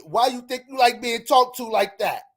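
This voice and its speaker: A man's voice: extremely high pitch, lively intonation, normal speed, voice pushed up, full character voice. A man voicing an angry, domineering boyfriend who barks profane orders.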